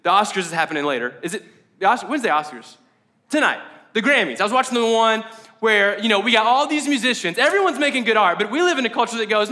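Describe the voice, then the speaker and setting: Bright-toned man preaching in a loose, animated, filler-heavy style. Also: sits high. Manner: casual and animated, many likes and ums. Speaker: pastor. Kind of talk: conversational sermon. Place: church service.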